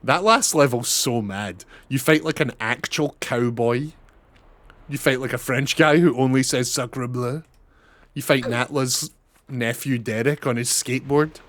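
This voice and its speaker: A young man streams a game and chats through it, swearing and laughing as he goes. His voice sits at a middling pitch. The sound is dry and close, with no room echo. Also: unhurried, fairly bright tone. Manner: chatty, swearing, laughing often. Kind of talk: casual gaming commentary.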